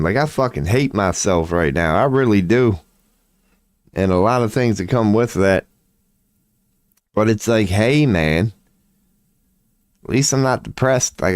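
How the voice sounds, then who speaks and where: A man's voice: fairly low pitch, no echo, clean studio sound. A tired man rambling indoors at home in a late-night vlog, profane, slangy and laughing at himself. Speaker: vlogger.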